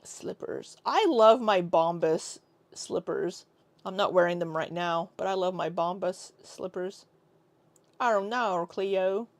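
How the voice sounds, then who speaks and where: A woman's voice: on the low side, measured pace, no echo. Young american woman rambling to her stream chat, laughs a ton, dry close mic. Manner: chatty, laughs often, tries out silly accents. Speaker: live streamer. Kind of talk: casual live-stream chat with viewers.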